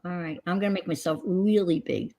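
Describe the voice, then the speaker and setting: A woman's voice: fairly low pitch, fairly even intonation, a little fast, heavy background noise. A woman hosting a crafting livestream, chatting casually in a rambling way. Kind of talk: casual chat. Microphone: computer mic on a livestream.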